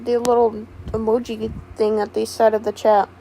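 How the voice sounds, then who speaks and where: A woman's voice: on the high side, level tone, normal speed, creaky, warm tone, slight background noise, low-quality recording. A woman streaming live, chatting casually with a giggly, rambling manner. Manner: giggly, rambling, repeats words.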